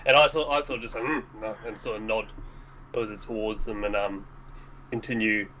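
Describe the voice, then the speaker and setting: A man's voice: on the low side, fairly even intonation, brisk, sharp tone, slight background noise, low-quality recording. A man playing a tabletop game, rambling and hedging with lots of fillers as he describes his moves. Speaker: player. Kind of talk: casual tabletop game chat.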